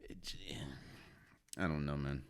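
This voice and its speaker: A man's voice: extremely low pitch, fairly even intonation, a little slow, clear, resonant tone. A man hosting a solo podcast, talking casually and conversationally, often repeating himself and restarting phrases. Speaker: podcast host. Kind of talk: solo sports talk.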